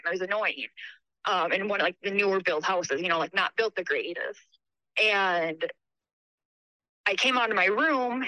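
A woman's voice: medium pitch, no room sound, rough recording. A woman caller telling a story in a chatty way, with lots of fillers. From New York State. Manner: chatty, filler-heavy, animated retelling. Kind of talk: casual storytelling on a call.

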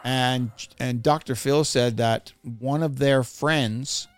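A man co-hosting a crude, casual podcast, telling stories in a profane, animated way. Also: mid-range voice, takes it slowly, smooth, no echo. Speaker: podcast co-host.

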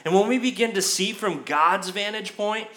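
A man's voice: normal speed, a bit bright. A man preaching a sermon as pastor at a church service, talking in a conversational way with frequent restarts, and acting out the people he quotes. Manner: acts out quoted voices with rising pitch.

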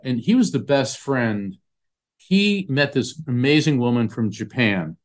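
A man, an author being interviewed, telling a personal story in an earnest, emotional way with frequent restarts. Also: mid-range voice. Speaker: author and podcast guest.

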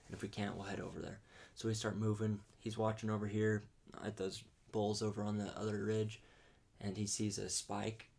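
A man telling a hunting story in a casual chat, animated and laughing, full of "dude" and "like". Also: on the low side, normal speed, vocal fry. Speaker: podcast host.

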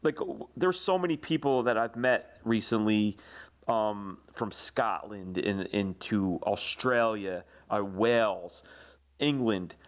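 A man co-hosting a podcast in casual chat, rambling and excitable with lots of fillers and restarts. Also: fairly low pitch, slow. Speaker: podcast co-host. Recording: dull lo-fi sound.

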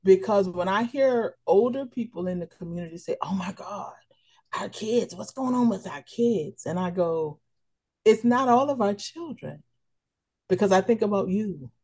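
A woman's voice: mid-range voice, expressive, normal speed. A middle-aged woman, a local official, speaking as a podcast guest in a motherly way and praising the host with feeling. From Prince George's County, Maryland. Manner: warm motherly praise, emotional. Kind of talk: casual podcast interview.

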